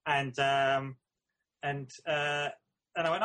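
High bright-voiced man telling stories. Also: normal speed. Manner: anecdotal, animated retelling. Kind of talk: casual chat.

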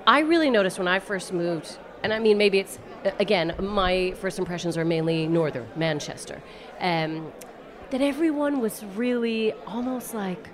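A woman's voice: mid-range voice, expressive, moderate pace, a crowd in the background. A woman with a Canadian accent chatting casually and expressively, acting out what people said to her. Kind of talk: casual chat.

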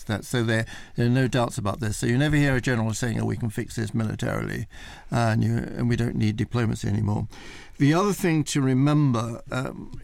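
A man's voice: mid-range voice, vocal fry, darkish tone, no echo. A man speaking as a commentator in a radio news interview, thoughtful and rambling, with many fillers.

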